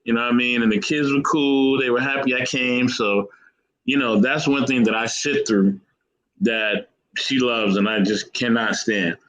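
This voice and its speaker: A man with a bright, forward tone tells a story in an easygoing, rambling way. He talks casually and chuckles now and then. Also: medium pitch, fairly even intonation, moderate pace, rough recording. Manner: laid-back, rambling, chuckling. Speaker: panel guest.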